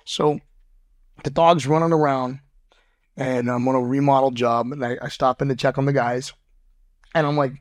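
A man in a podcast interview tells stories in a blunt, cursing way and trips over his restarts as he goes. His voice sits at a middle pitch. The sound is dry and close to the mic. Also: moderate pace, long pauses, no room sound. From Boston. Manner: profane, blunt storyteller with frequent stammered restarts. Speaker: podcast guest. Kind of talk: casual interview storytelling.

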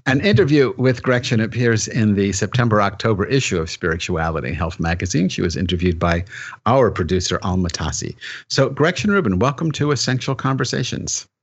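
A man's voice: lowish voice, lively intonation, a little fast, breathy edge, lo-fi sound. A man hosting an interview podcast, casual and joking as he introduces his guest. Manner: casual, joking, with fillers and restarts. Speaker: podcast host.

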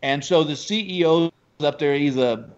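A man from Texas, a stand-up comedian telling animated stories about his gigs in a casual chat. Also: a little high, moderate pace, highs cut off. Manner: animated storyteller, acts out quoted voices.

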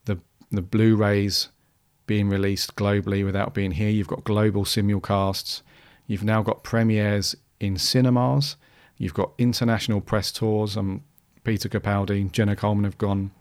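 A man's voice: fairly low pitch, little pitch movement, normal speed, hardly any pauses, darkish tone. A man hosting a podcast, talking casually and rambling with many restarts and fillers. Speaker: podcast host.

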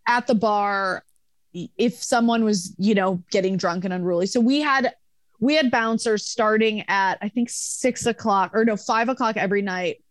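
A young woman, a former bar manager, telling a story in casual podcast chat, animated and profane, acting out the people she quotes. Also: mid-range voice, moderate pace, no echo, clean studio sound.

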